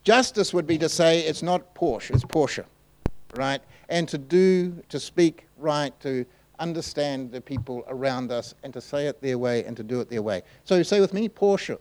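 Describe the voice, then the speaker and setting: A man preaching a sermon in a conversational, halting way, with frequent restarts. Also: a little high, low-quality recording.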